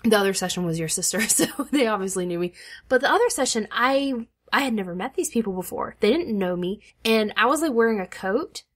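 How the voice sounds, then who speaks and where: A woman's voice: mid-range voice, lively intonation, brisk. A tired woman co-hosting a casual podcast chat late at night, laughing often and poking fun at herself. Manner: chatty, laughs often, self-deprecating. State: easily out of breath. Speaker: podcast co-host.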